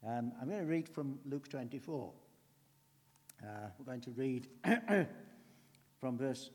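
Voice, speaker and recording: A man giving a conversational sermon as a preacher, earnest, swinging between emphatic lines and hushed ones. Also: medium pitch, lively intonation, slow pace, slightly rough. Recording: long hall reverb.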